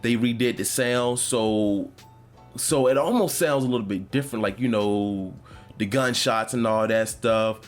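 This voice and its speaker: A man's voice: fairly low pitch, unhurried, soft background music. A man hosting his own podcast, chatting casually and rambling about a video game, with lots of fillers and restarts. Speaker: podcast host. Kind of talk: casual gaming chat.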